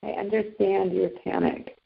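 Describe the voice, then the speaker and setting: A woman's voice: mid-range voice, flat delivery, normal speed, creaky. A woman taking part as a client in a tapping session, thoughtfully describing her feelings and repeating the phrases back. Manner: reflective, laughs lightly, repeats phrases back. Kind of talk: candid conversation. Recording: dull, lo-fi sound.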